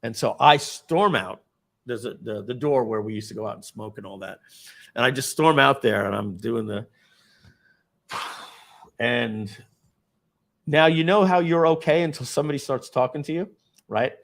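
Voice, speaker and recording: A man's voice: mid-range voice, moderate pace, gravelly, pauses often. A middle-aged man, a company founder, telling a dramatic personal story at a company event and acting out the scenes.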